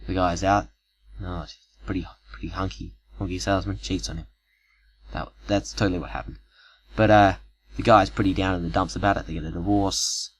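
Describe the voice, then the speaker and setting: A man's voice: sits low, poor audio. A young man telling an improvised story in a casual, profane, rambling way, full of asides, recorded on a cheap home microphone.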